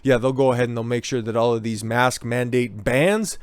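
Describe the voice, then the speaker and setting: A man's voice: medium pitch, fairly even intonation, a little fast, clean tone, no room sound. A man hosting political commentary, ranting angrily and sarcastically over news clips, with heavy swearing and mocking voices.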